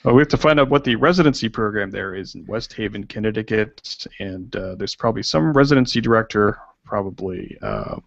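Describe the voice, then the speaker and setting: Gravelly guy hosting a live web show, lots of uh and um, dull lo-fi computer mic. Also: lowish voice, dry recording. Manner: halting, many fillers and restarts. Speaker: podcast host. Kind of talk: casual chat.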